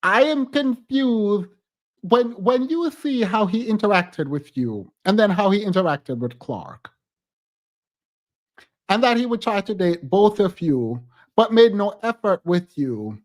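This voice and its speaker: A man's voice: high-pitched, very animated, a little slow, dry recording. A man hosting a podcast, giving casual, emphatic reality-TV commentary and laughing often. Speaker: podcast host.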